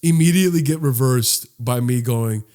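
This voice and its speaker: A man's voice: mid-range voice, normal speed. A young man co-hosting a podcast, telling a funny childhood story in casual talk and acting out the people in it. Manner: animated, acts out voices in his stories. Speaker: podcast co-host.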